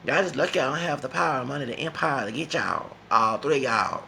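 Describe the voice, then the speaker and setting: Gravelly man rambling emphatically. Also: mid-range voice, expressive, brisk, sharp tone, slight background noise. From Texas. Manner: emphatic, digressive, repeats himself, slips into Spanish. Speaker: vlogger. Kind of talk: rambling casual monologue.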